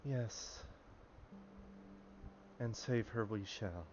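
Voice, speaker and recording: A man's voice: fairly low pitch, drawn-out words, lo-fi sound, background noise. Man voicing a resolute young woman adventurer. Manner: quiet, resolute muttering. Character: determined young female adventurer.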